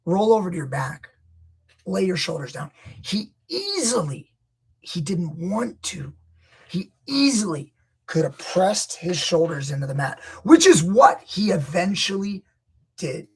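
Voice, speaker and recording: A man coaching grappling, breaking down a wrestling match with emphatic, opinionated commentary that rises to near-shouts when he gets indignant. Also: high-pitched, very animated, a little slow, slightly rough. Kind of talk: video commentary.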